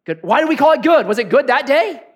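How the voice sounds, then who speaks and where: A pastor delivering a sermon in a conversational, animated way, often asking the congregation questions. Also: male voice, very high voice, fast talker.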